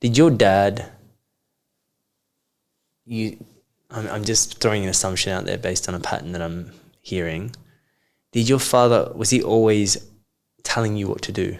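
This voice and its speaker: A man in a reflective coaching conversation, asking probing questions and then calmly explaining patterns. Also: fairly low pitch, a little slow, pauses often. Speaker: coach, podcast guest.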